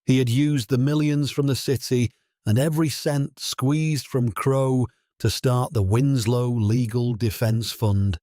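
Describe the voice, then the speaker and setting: A man narrating a scripted drama story in a steady, solemn way. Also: medium pitch, unhurried, no echo, clean studio sound.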